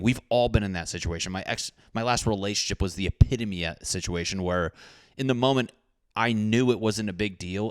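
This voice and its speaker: A man's voice: lowish voice, dry recording. A man hosting his own podcast, talking in a rambling, profane, jokey way. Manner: profane, rambling, puts on comic voices. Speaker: podcast host. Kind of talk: solo podcast rant.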